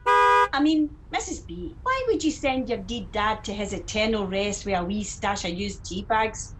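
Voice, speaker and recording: Heather, a cheeky Scottish taxi driver. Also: female voice, medium pitch, lively intonation, measured pace, slight background noise. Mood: mocking. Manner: teasing, laughing, loud. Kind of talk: audio drama acting.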